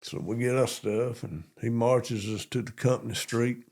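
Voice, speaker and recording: A man's voice: medium pitch, moderate pace. An older man with a Southern accent, a police chief from Georgia, telling army stories in a folksy, repetitive way during an interview. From Monroe, Georgia. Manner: folksy, repetitive, animated retelling. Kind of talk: storytelling in an interview.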